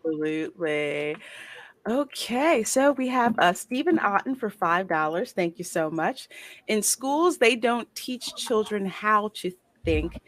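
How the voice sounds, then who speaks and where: A woman co-hosting a live-stream podcast over a video call, opinionated and animated with laughing asides. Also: mid-range voice, measured pace, dry recording. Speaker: podcast co-host. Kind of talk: casual live-stream chat.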